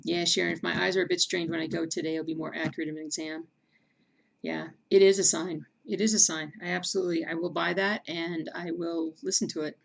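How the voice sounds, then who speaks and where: Woman, livestream host, casual chat, gravelly, lowish voice. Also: fairly quick. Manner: chatty, reads viewer comments aloud, bursts into excited yelling. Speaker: stream host.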